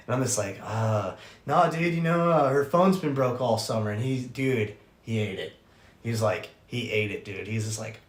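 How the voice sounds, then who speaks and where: A young man, a podcast host, telling a story in casual chat, animated and profane, acting out the voices of people he quotes. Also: medium pitch, a little fast. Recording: roomy echo.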